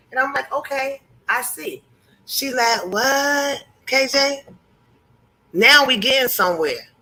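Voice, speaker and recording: A woman's voice: medium pitch, sharp tone, low-quality recording. A woman hosting a livestream, giving heated, blunt commentary full of profanity and preaching to her chat viewers. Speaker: livestream host.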